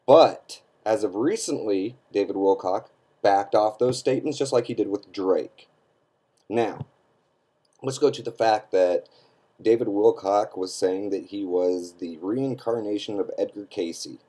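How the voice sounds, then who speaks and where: Speaking to camera, an online commentator delivers an emphatic, scornful opinion rant, often checking in with his listeners by asking "okay?". His voice is lowish and dark in tone, and his pace is unhurried.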